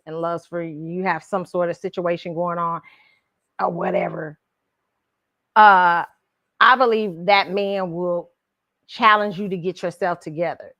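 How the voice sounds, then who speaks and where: A woman's voice: lowish voice, normal speed, no echo, lo-fi sound. A middle-aged woman hosting a pop culture commentary show, talking casually with features and laughing often as she tells stories. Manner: casual, animated storytelling with frequent laughs. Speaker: show host.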